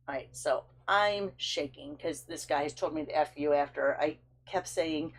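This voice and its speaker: A woman's voice: low voice, normal speed, husky. A woman hosting her own vlog, telling a long frustrated story in a chatty, storytelling way with big swings in her voice. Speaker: stamping craft channel host. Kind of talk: casual vlog chat.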